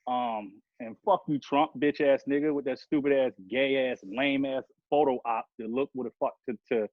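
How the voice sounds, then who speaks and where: A man's voice: medium pitch, steady tone, moderate pace, no room sound. A man ranting heatedly and profanely on a podcast, rambling from one grievance to the next. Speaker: podcast guest rapper. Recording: dull lo-fi sound.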